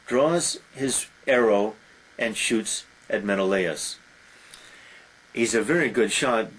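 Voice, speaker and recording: Husky male teacher retelling a story. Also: medium pitch, poor audio. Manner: conversational, many filler sounds. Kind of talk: classroom lecture retelling a story.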